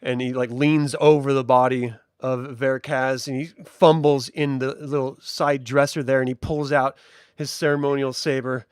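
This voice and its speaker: A man's voice: mid-range voice, flat delivery, moderate pace, smooth, no room sound, studio quality. A man narrating a tabletop game as game master, in a loose, rambling way with many likes and restarts.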